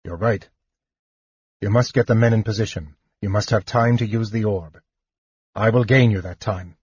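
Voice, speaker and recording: A man voicing a grave, noble knight who speaks softly and low, resigned and tender, in an audiobook. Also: moderate pace, husky, dry recording, dull audio. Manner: soft, low, hushed. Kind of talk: audiobook character voice.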